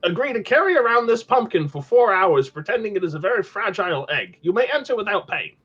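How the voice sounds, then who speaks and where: Shrill, fussy ancient goblin booth clerk, a man putting it on; high and elevated, slightly muffled recording. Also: big pitch swings, quick pace, a bit bright, breathy edge, exaggerated voice. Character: extremely old male goblin ticket seller, fussy. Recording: slightly dull lo-fi audio.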